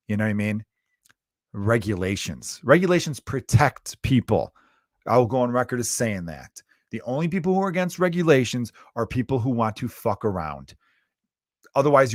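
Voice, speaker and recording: A man's voice: on the low side, no echo, clean studio sound. A man hosting his own comedy podcast, riffing and ranting in a profane, exasperated way. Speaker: podcast host and stand-up comedian. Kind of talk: comedic solo rant. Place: lives in Chicago.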